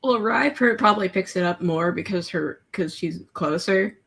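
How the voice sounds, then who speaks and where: A woman's voice: fairly low pitch, moderate pace, gravelly, fairly bright tone, husky. A woman from Canada chatting casually on a video call, rambling and trailing off between thoughts. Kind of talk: casual group chat on a call.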